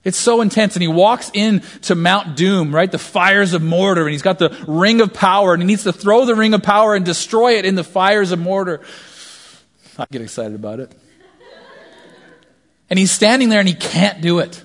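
A man in his thirties preaching a sermon, telling stories animatedly and swinging between hushed asides and loud shouts. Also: high voice, moderate pace, pauses often. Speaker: pastor.

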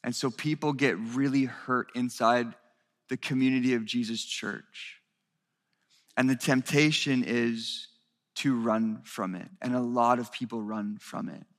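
A man's voice: medium pitch, steady tone, a little slow, fairly bright tone. A man preaching a sermon to his church, earnest and rising to raised intensity as he speaks. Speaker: pastor. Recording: reverberant hall.

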